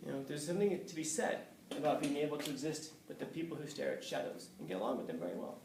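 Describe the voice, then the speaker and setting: A man's voice: a little high, big pitch swings, quick pace, creaky. A male college professor telling a candid, conversational story to his class, swearing and chuckling now and then. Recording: roomy, distant, faint background hiss.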